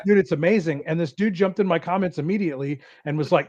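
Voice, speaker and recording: A man's voice: a little high, quick pace, a little mellow, no room sound, muffled recording. Laid back guy hosting a podcast, rambles and cusses, dry close sound. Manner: rambling, casual, swears. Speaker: podcast host. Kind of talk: casual podcast chat.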